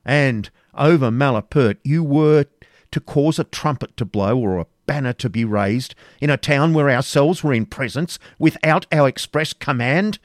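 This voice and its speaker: A man's voice: mid-range voice, sing-song, unhurried, a little mellow, dry recording, studio quality, pitched above the performer's own voice. A man voicing a spoilt, hot-tempered prince in an audiobook reading, speaking in commanding, indignant courtly phrasing. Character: vain, hot-tempered adult male prince, spoilt and imperious.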